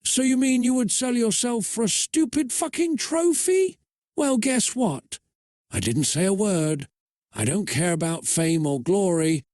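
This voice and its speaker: A man doing a bossy teenage girl from a fan-fiction story, her voice jumping high and shrill in furious outbursts. The read is dry and close-miked, with no room around it. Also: a little mellow, no room sound.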